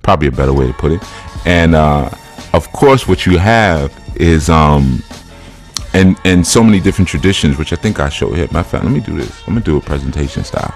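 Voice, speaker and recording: A man's voice: rumbling low, lively intonation, a little fast, soft background music. A man, a spiritual teacher, giving a loose, joking, conversational talk while going through slides.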